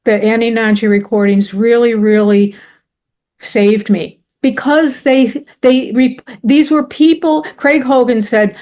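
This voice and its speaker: Earnest, emotional higher-voiced woman. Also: steady tone, a little slow, darkish tone. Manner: earnest, emotional, with frequent restarts. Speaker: presenter. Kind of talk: personal storytelling.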